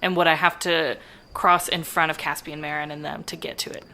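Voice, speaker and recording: A woman's voice: deep voice, level tone, a little fast, sharp tone. A woman playing a tabletop role-playing game, chatting casually with the game master about her character's moves. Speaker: player.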